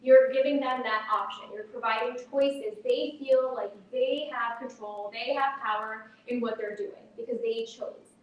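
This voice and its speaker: Woman teacher presenting a parenting workshop, slightly high voice, heard from a distance in a very echoey hall. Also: fairly even intonation, unhurried, dull audio. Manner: practical, explains with everyday examples. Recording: echoey hall from far off, faint noise.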